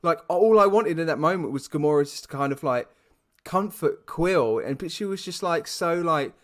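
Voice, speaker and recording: A man's voice: on the high side, moderate pace. A British man co-hosting a podcast, chatting casually about a film and ranting with lots of restarts. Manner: animated, ranting, with many restarts. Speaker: podcast co-host. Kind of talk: casual film review chat.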